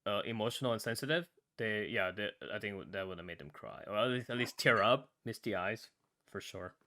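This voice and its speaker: A man in a casual podcast review chat, retelling a story with animated asides and acted-out lines. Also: on the low side, brisk. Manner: animated retelling, acts out lines in other voices; casual, uses "man" and "right?" often. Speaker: podcast panelist.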